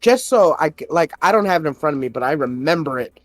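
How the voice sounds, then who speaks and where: A man's voice: fairly high pitch, animated, quick pace, dry recording, soft background music. A man on a podcast, casually telling a story, swearing often and getting worked up as he retells an argument. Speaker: podcast host. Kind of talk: casual chat.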